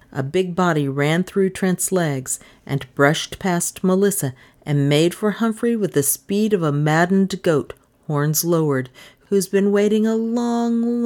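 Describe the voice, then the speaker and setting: A woman with a low voice reads a story aloud, brisk and wry in her delivery. She keeps an even storytelling pace through the narration. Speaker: audiobook narrator. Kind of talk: scripted narration.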